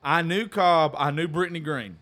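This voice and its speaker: A man telling a crude story in a casual chat, animated and laughing as he swears. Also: a little high, normal speed.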